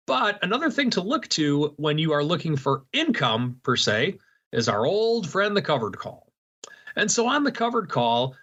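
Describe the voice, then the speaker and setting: A man with a bright, forceful voice talks through investing ideas in a folksy, casual way and leans on sports analogies. His voice sits a little high. The sound is dull and lo-fi. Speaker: strategy segment guest. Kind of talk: casual finance talk.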